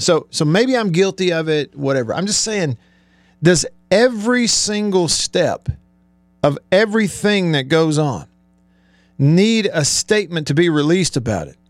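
A middle-aged sports talk show host with a fairly high-pitched voice and no echo delivers a live-streamed monologue. He rants with heated sarcasm, building emphasis as he goes.

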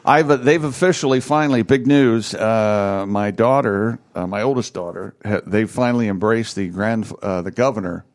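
Older guy cohost, meandering loose talk, stops and restarts a lot. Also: fairly low pitch. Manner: rambling, halting with many uhs. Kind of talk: casual chat.

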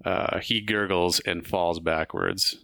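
A man's voice: sits low, steady tone, slow, gravelly, sharp tone. A man running a tabletop game as game master, narrating combat vividly with playful, crude jokes.

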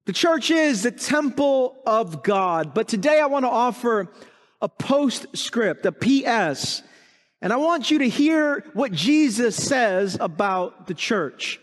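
A man's voice: very high voice, animated, slow, long reverb tail. A man preaching a sermon as pastor, emphatic and full of rhetorical questions.

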